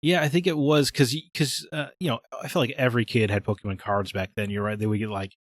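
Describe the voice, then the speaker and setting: A man's voice: medium pitch, steady tone, quick pace, no room sound. A man co-hosting a casual podcast chat, rambling with many fillers. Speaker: podcast co-host.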